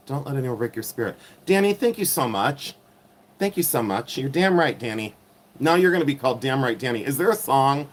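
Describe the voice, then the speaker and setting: A man's voice: medium pitch, big pitch swings, brisk. A middle-aged man with a nasal voice hosting a casual jewelry livestream, rambling and teasing himself while reading chat aloud. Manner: rambling, self-mocking, reads chat aloud. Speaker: livestream host reselling vintage jewelry.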